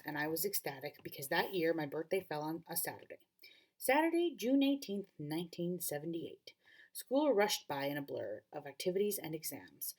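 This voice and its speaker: A woman teacher reading a novel aloud to students, expressive and often correcting herself mid-sentence. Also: on the low side.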